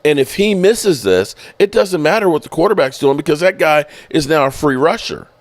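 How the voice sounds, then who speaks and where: Animated man explaining football. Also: a little high, normal speed, no room sound. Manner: animated, explanatory, swears freely. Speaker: sports podcast host. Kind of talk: casual sports commentary.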